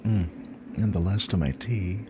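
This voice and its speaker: A man's voice: low-pitched, unhurried, noisy background. A sleepy, yawning man chatting casually while playing a game live, laid-back and swearing now and then. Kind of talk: casual live gameplay chat. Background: game music.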